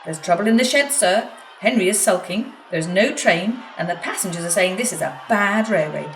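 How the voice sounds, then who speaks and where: An anxious storybook station master, as a woman reads him, rushing out his report. The voice rises and falls widely. Faint music plays behind in a roomy space. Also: mid-range voice, lively intonation, close to an everyday voice. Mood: worried. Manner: hurried and anxious. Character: worried male station master. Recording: echoey room, distant mic, faint music.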